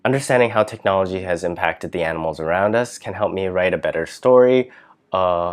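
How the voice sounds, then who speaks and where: A man's voice: deep voice, clear, resonant tone. A man hosting a casual writing vlog, chatty and thinking aloud, his voice dipping at the ends of phrases. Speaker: vlog host, writer.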